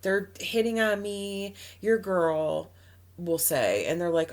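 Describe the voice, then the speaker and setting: A woman's voice: fairly low pitch, slow. Chatty, emphatic woman podcast host. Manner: chatty and emphatic, trails off, acts out quotes. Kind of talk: casual advice podcast chat.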